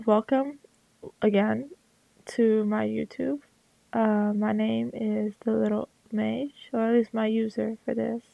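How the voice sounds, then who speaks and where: A young woman with a crackly, gravelly voice, rambling casually with lots of fillers and restarts about her art, into a headset at home. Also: fairly high pitch, dry recording, lo-fi sound. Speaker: artist vlogger. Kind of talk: rambling casual talk over a drawing.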